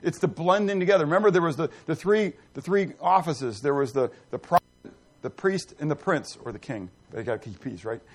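Man, middle-aged, pastor, fairly high voice, emphatic, questions the congregation. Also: a little fast. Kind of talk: sermon with scripture reading.

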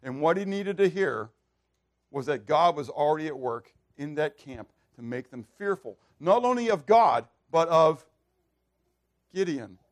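Male preacher, teaching sermon, higher voice, lively question-and-answer delivery. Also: measured pace. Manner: animated preaching with questions to the audience. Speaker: pastor.

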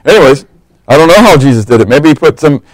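A man preaching a lively, story-driven sermon. His voice sits a bit high and sounds close and dry. He jumps into different voices for the people in his stories. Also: fast, no echo, poor audio. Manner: animated storytelling, acting out quotes, humorous asides.

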